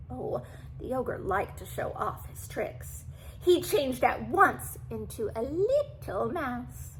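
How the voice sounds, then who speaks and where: An older woman reading a classic storybook aloud to children, animated and stopping for asides to the listener. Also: fairly high pitch, measured pace, slight background noise, poor audio.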